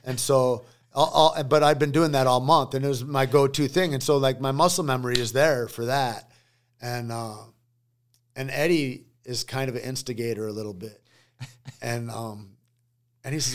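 Male podcast guest, mid-pitched, animated storyteller who acts out quoted voices; studio mic. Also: moderate pace. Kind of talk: casual storytelling.

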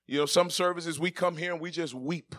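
A man preaching with a high voice that is bright and ringing. He drifts from quiet, joking talk with the congregation to loud shouted preaching. He is a middle-aged pastor. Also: steady tone, brisk. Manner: swings from soft conversational asides to shouted preaching; jokes with the congregation, laughing. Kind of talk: sermon.

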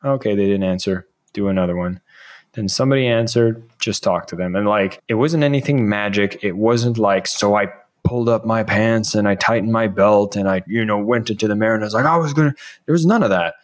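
A man in his thirties talks as a podcast guest in a fairly low voice. He tells stories casually and with energy. When he repeats what other people said, he acts out their lines. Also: a little fast. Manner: animated, acts out quoted dialogue. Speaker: podcast guest, sales author. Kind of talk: casual interview storytelling.

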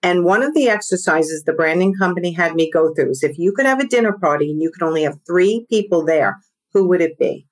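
Middle-aged woman, New York accent, low-ish voice, energetic fast-talking coach, podcast guest on a remote mic. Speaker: business coach. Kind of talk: podcast interview.

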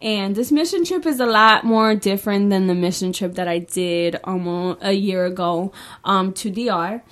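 A young woman hosting a faith podcast, talking casually and emotionally with lots of fillers and repeated phrases. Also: medium pitch. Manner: emotional, filler-heavy, repeats "I just can't". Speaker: podcast host and lash artist. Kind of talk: casual faith-based personal chat.

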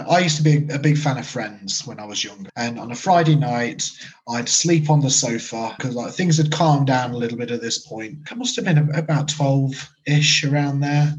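A man's voice: mid-range voice, moderate pace, dull audio. A man, a medium and paranormal investigator, telling his story in a casual, rambling way during an interview. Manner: casual, rambling, full of "sort of" and "like".

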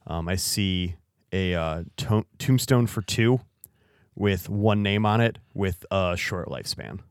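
A man co-hosting a podcast in casual chat, soft-spoken and wry, getting over an illness. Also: low-pitched, slow, clean tone, no room sound, studio quality. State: recovering from illness. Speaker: podcast co-host.

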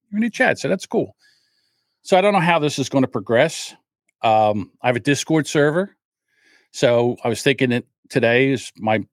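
A man's voice: mid-range voice, no room sound, studio quality. An older man hosting his own podcast livestream alone, rambling in a self-deprecating way and openly nervous. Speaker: podcast host. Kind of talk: solo livestream chat.

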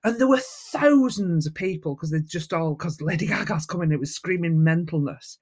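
A woman with a Mancunian accent, a photographer telling lively stories as a guest in a casual interview. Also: lowish voice, moderate pace, slightly rough. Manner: lively, animated storyteller. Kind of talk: storytelling in casual chat.

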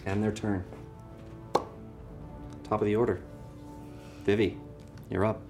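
A man running a tabletop game as game master, narrating with lively storytelling. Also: fairly low pitch, slow pace, over music.

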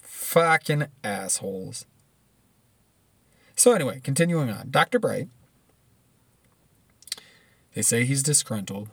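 A man's voice: medium pitch, expressive, slow, gravelly, long pauses, a bit bright, slightly rough, no echo. A man giving blunt, profane, rambling commentary, often restarting his sentences.

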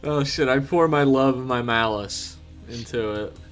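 A man's voice: mid-range voice, moderate pace, soft background music. A man playing as a guest in a tabletop game, laid-back and making crude jokes. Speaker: player and guest. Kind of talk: casual chat.

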